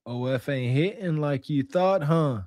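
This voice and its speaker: A man's voice: a little high, measured pace, a little mellow, no echo. A man co-hosting a podcast, giving mocking commentary and acting out quotes in character. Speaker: podcast co-host.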